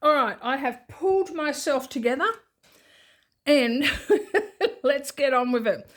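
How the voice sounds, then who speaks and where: Chatty Australian woman with a higher voice. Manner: rambling, chatty, restarts and asides. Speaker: budgeting vlogger. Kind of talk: unscripted casual vlog chat.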